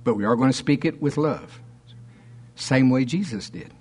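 A man preaching a fervent sermon, reading scripture aloud and slowing down to stress key words. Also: mid-range voice, lively intonation, a little mellow, husky, faint music behind.

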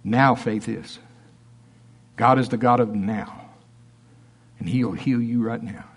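A man preaching a sermon in church, emphatic and folksy, swinging between loud outbursts and quiet asides. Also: mid-range voice, fairly even intonation, takes it slowly, husky.

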